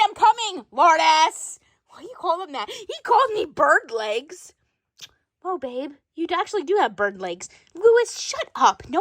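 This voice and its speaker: A woman performing an improvised skit, switching rapidly between many bickering characters in different voices. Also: sits high, fairly bright tone, dry recording, studio quality. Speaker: storyteller voicing every character. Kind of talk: improvised doll-play skit.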